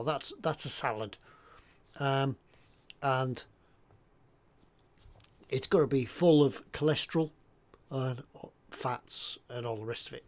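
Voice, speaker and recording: A man chatting casually and jokily at his hobby workbench while he works on a model, often drifting off topic. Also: medium pitch. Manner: rambling and jokey, drifts off topic. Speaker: scale model builder.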